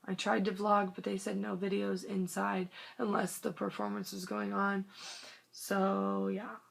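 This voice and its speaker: Speaking at a slightly slow pace in a gravelly, mid-range voice, this young woman keeps her delivery completely flat. Yet she's vlogging on her phone, telling an excited, casual story in a gushing, rambling way, full of "like," sometimes sinking to a whisper.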